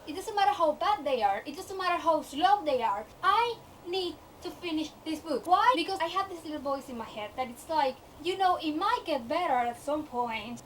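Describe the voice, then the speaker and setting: A young woman book vlogger ranting to camera in a chatty, exasperated way, acting out the voices in her head. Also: very high voice. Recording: distant mic with faint noise.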